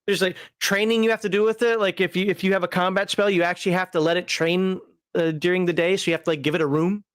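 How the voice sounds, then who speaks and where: A man co-hosting a relaxed tabletop gaming talk show, rambling with frequent laughs and fillers. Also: sits high, quick pace, smooth, dry recording, studio quality. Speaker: podcast co-host reviewing a tabletop magazine. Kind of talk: casual chat.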